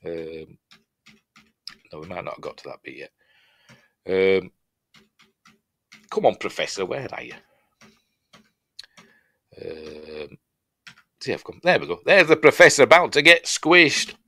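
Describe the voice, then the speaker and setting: A man's voice: sits low, very animated, slow pace, creaky, long pauses, bright, forceful tone, slightly rough. Rambling Yorkshire man reviewing an old film. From Yorkshire, England. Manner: rambling, chatty, dry humour, acts out lines in silly voices. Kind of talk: casual film breakdown narration.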